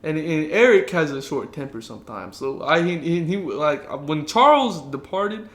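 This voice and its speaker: A nineteen-year-old man from Southern California, co-hosting a casual podcast. His voice sits a bit high for a man and bounces around an echoey room. He tells stories animatedly, swears freely, and slips into voices for the people he quotes. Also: very animated, moderate pace, fairly bright tone. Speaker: podcast co-host. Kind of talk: casual chat.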